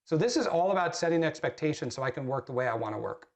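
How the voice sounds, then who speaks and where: A man's voice: on the high side, lively intonation, fast talker. A man, a real estate agent, telling an earnest story while coaching other agents on a training call, often restarting his sentences.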